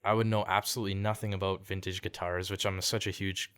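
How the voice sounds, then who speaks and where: A man's voice: sits low, little pitch movement, fast talker, fairly bright tone, clean tone. A young man from Canada telling a story in casual podcast chat, laid-back, peppering his talk with "like" and "dude" and acting out quotes. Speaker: podcast guest, singer-songwriter.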